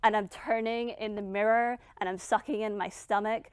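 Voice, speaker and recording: A middle-aged woman giving a dramatic motivational speech as a founder, emphatic and blunt, with long pauses. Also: medium pitch, fairly even intonation, clean tone, dry recording, clean studio sound. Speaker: founder and keynote speaker.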